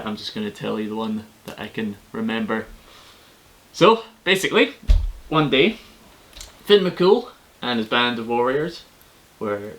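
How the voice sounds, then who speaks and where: A man retelling an old legend in a casual, spoken way. His delivery is relaxed and chatty, full of colloquial asides, at an ordinary pitch for a man. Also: low-quality recording. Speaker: storyteller. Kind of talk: casual oral storytelling.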